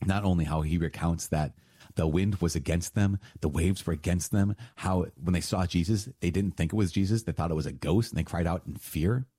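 Deep, husky, emphatic preacher man. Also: fairly quick, dry recording, studio quality. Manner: animated, emphatic, laughs and jokes with sarcasm. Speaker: priest teaching on scripture. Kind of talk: conversational sermon.

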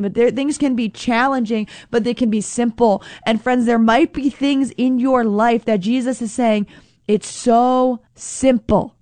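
A young adult woman reading a Bible passage, then teaching on it in a conversational, earnest way, slowing down for emphasis. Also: on the high side, darkish tone, no room sound. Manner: earnest, conversational, slows for emphasis, acts out quoted voices.

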